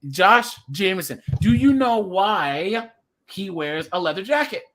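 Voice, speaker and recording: A man hosts a casual livestream chat with a high, lively voice. He talks in an animated way, laughs often and stops to greet viewers by name. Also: unhurried. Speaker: livestream host.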